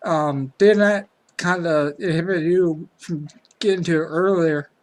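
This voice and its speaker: A woman's voice: lowish voice, a little slow, a little mellow. A woman co-hosting a casual podcast interview, reacting briefly and asking the guest questions. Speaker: podcast co-host.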